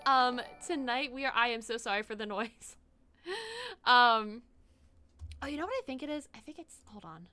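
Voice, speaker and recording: A woman streaming from home, chatting casually while she plays a game, excitable, laughing often and swearing freely. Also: a little high, moderate pace, pauses often. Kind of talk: casual live-stream chat while gaming.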